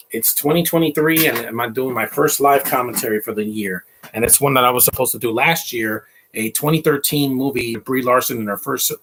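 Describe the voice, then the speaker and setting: A man's voice: mid-range voice, background noise. A man hosting a casual live movie commentary, opinionated, rambling and defensive.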